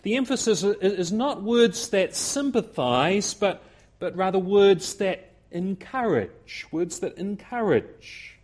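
A man's voice: sits high, lively intonation, slow, a little mellow. Earnest man preaching a sermon. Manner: earnest, repeats words, rising emphasis.

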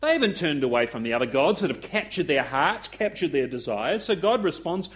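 A male preacher delivers a sermon in a slightly higher-than-usual voice. He talks with expressive swings, putting on the voices of the people he quotes. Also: a little fast, hardly any pauses. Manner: expressive, acts out quoted voices with rising pitch.

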